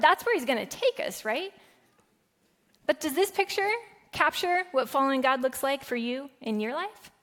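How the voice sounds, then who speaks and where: High-voiced woman preaching in echoey sanctuary. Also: animated, normal speed. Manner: warm conversational preaching with playful asides. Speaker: pastor. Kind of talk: sermon. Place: church sanctuary. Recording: reverberant church sanctuary.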